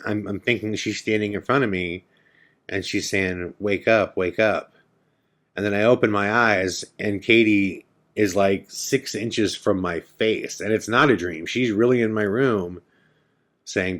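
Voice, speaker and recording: A man hosting a podcast, telling a personal ghost story casually and acting out the dialogue. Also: fairly low pitch. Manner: casual storytelling, acts out quoted dialogue, frequent "I'm like". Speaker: podcast host.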